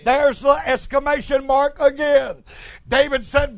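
Man, very high voice, fiery preacher, repetitive call-and-response, dry recording. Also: normal speed, dry recording. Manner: rhythmic, repeats "Is that right?", bursts into shouts. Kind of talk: fiery sermon.

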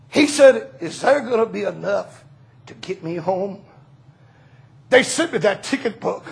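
A man preaching a revival sermon in a church, telling stories and rising into shouts. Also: high-pitched, expressive, a little slow, vocal fry. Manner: storytelling, bursts into shouting.

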